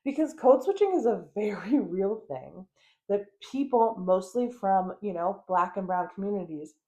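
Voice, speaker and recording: A woman's voice: mid-range voice, expressive, normal speed, warm tone. Chatty, frank woman podcast host. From United States. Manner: chatty, frank, swears, frequent fillers and laughs. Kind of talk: casual chat.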